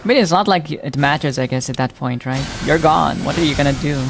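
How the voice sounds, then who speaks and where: A man's voice: fairly high pitch, fairly quick, creaky, music in the background. Chatty, teasing man streaming a game. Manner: chatty, teasing, laughs often, reacts to chat. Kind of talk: casual live-stream chat while playing.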